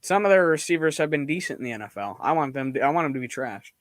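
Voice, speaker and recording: A man's voice: a little high, animated, fast, no echo. A man hosting a casual sports stream, laughing easily and reacting to plays as they happen. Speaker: stream host.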